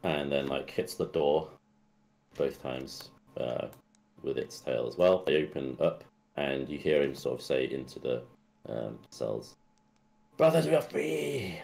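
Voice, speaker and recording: Game master, very deep male voice, loose rambling narration, brief. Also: unhurried, vocal fry, darkish tone. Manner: loose, filler-heavy narration.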